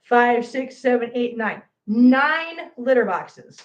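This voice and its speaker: A woman's voice: on the high side, lively intonation, slow pace, highs cut off. A woman hosting a home livestream, chatting and scolding her cats in a playful voice. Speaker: cat channel host. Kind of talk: livestream chat while counting cat treats. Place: room at home. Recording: echoey room, voice from afar, faint noise.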